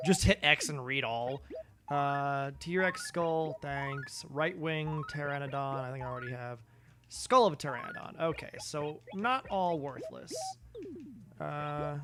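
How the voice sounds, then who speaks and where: A woman streamer casually commenting on her game at a desk microphone, muttering asides and swearing now and then. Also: low-pitched.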